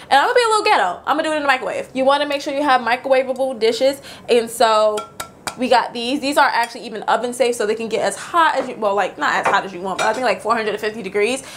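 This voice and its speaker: A young woman chatting excitedly as she narrates a cooking attempt in her home kitchen. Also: a little high, fast. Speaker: vlogger. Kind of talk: casual kitchen vlog.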